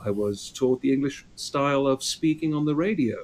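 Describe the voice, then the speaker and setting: A man's voice: mid-range voice, normal speed, a little mellow. A man from South Africa co-hosting a podcast, enthusiastic and emphatic, with a radio presenter's delivery. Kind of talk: casual chat.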